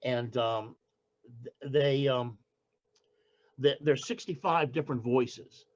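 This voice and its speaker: An older man, a poet being interviewed, who talks casually and haltingly, with many restarts. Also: medium pitch, highs cut off. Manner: halting, with frequent restarts and fillers. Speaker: poet guest.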